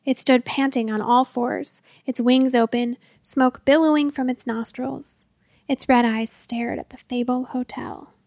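A woman reads a storybook aloud in an expressive, measured way. Her voice sits fairly high. The recording is close and dry. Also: dry recording. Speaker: narrator. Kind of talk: storybook narration.

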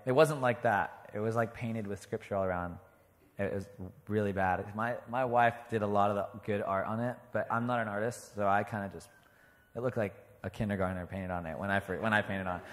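A young man tells a story as an interview guest, excitable and animated, breaking into laughter often. His voice sits at an ordinary middle pitch. The recording has a long, reverberant tail. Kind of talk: storytelling testimony.

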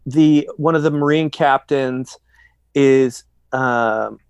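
A man's voice: mid-range voice, slow pace, smooth, no echo. A man telling crude, rambling stories in a casual chat between friends. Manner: profane, rambling, animated storyteller.

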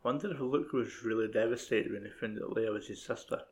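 A man's voice: mid-range voice, fairly quick. A man with a Scottish accent chatting about films in a laid-back, sweary way, full of "like" fillers. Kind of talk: casual chat about films.

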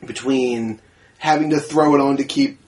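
A man's voice: mid-range voice, normal speed. Blunt man talking at a slight distance. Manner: blunt, profane, animated storytelling. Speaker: podcast co-host. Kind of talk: casual movie chat. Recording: a bit distant from the mic, faint noise.

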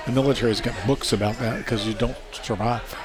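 An American man in an average pitch tells his stories easily, often laughing through them. He stumbles over restarts and fillers in a loose, conversational way. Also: steady tone, a little fast, crowd noise. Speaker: racing safety expert. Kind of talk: casual interview storytelling.

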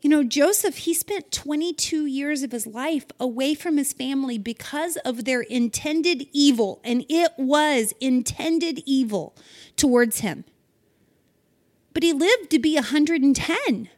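A middle-aged woman leads a spoken devotional, talking straight to her listeners. Her voice sits high and her pace is slow and deliberate. She sounds earnest and encouraging throughout. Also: lively intonation. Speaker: devotional host.

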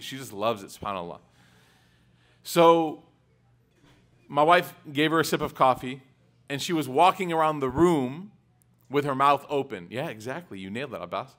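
Speaking in a mid-range voice, a religious speaker lectures to a live audience. He shares animated personal anecdotes casually, peppering them with "like" and "right?", and frequently quizzes the crowd.

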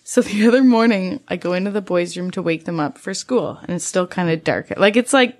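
A woman in her thirties hosting a podcast, telling a spooky story in casual chat, animated and swearing freely. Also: on the low side, brisk. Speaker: podcast host.

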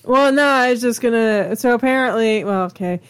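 A woman co-hosting a casual podcast, chatty, with quick interjections. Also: fairly high pitch, clear, resonant tone. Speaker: podcast co-host. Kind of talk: casual chat.

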